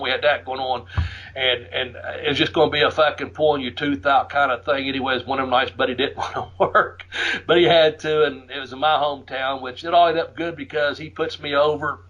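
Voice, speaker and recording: A middle-aged man from the USA telling wrestling stories in a casual, profane way, laughing often and shouting out the lines he quotes. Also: mid-range voice. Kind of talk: casual storytelling. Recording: muffled lo-fi audio.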